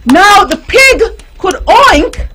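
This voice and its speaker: A woman reads a children's story aloud in a high, very expressive voice that swoops up and down. She speaks slowly and gently, pausing to quiz a child and playfully voicing animal sounds. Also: music in the background. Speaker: host reading a picture book to a child. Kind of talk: storybook reading with teaching questions. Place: radio studio.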